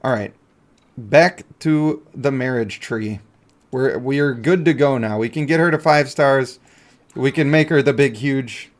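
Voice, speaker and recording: A man's voice: medium pitch, unhurried. A male game streamer in casual live-stream commentary, chatty and joking as he talks to himself and his chat.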